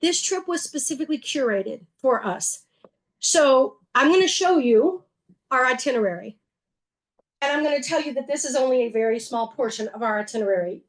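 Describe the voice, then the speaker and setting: A woman's voice: high voice, lively intonation, a little fast. A woman giving a slideshow talk to an audience, conversational and earnest, with wry humor and frequent fillers and self-corrections. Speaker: museum executive director giving a talk.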